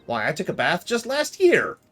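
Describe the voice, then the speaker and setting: A man putting on the voice of a fussy, excitable little male miner who speaks of himself in the third person and takes offense easily. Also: high voice, moderate pace, a little hiss or hum, pitched above the performer's own voice, exaggerated voice. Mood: indignant. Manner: talks of himself in the third person, prim and indignant.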